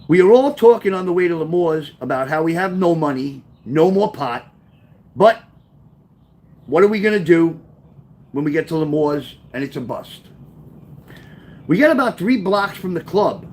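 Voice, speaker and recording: A man reading his own memoir aloud, telling the story with lively, offhand asides. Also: on the high side, normal speed, long pauses. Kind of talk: first-person memoir storytelling.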